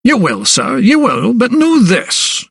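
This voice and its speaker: A man's voice: big pitch swings, moderate pace, creaky, fairly bright tone, husky, no echo, clean studio sound, exaggerated voice. A man putting on a haughty old asylum principal. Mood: condescending. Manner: condescending, pitched higher. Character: elderly male asylum principal, arrogant and dismissive.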